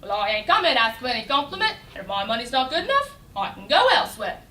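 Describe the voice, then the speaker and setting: A woman reciting as a brash cockney flower girl, loud and defiant, recorded from a distance in an echoey room. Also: on the high side, very animated, fast talker. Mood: indignant. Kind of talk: recitation in a speech competition.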